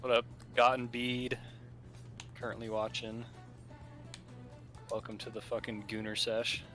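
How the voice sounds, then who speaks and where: A man's voice: mid-range voice, level tone, unhurried, sharp tone, soft background music. A man joining a casual gaming stream and trading laid-back jokes with the host.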